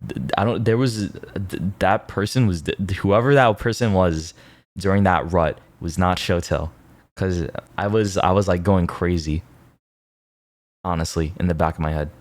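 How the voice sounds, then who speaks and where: A man's voice: deep voice, normal speed, no room sound. A young man streaming, chatting casually to his viewers in a rambling, self-mocking way with lots of fillers and laughs.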